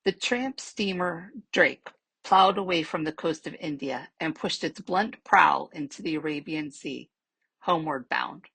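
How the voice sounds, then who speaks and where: A woman reading a children's novel aloud as a library storyteller, steady and measured, with soft trailing endings. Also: sits low, creaky, husky, no echo, rough recording.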